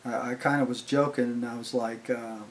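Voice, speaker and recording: An older man spins a long, casual anecdote at his own loose pace. His voice sits at an ordinary middle pitch, and his telling wanders with fillers and restarts as he recounts what happened. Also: level tone, fairly quick, slight background noise. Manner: rambling, conversational, heavy on "I was like" and fillers. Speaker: channel host telling stories. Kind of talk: casual storytelling.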